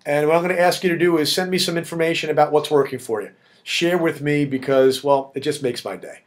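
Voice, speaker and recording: A man's voice: a little high, fairly quick. A man leading a real estate network, giving direct, emphatic coaching in a motivational video blog. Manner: direct, emphatic pep talk addressing the audience as "guys".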